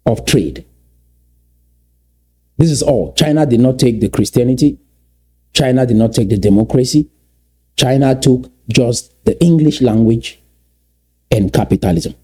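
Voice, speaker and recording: With a dark-toned, mid-range voice, a man from Cameroon gives lecture-style commentary. He stresses his points emphatically, repeating key phrases and stretching out words.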